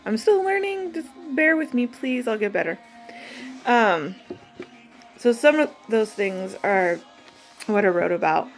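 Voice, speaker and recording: A mother reads from her journal, then talks reflectively and a little nervously, pausing and restarting as she goes. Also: on the high side, very animated, faint music behind. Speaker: mother vlogging.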